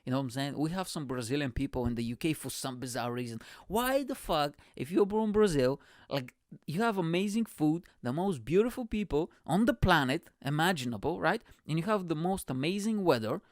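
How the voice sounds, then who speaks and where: Energetic profane man from Bulgaria. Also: a little high, a little fast, no echo, clean studio sound. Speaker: podcast host. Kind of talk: comedic monologue.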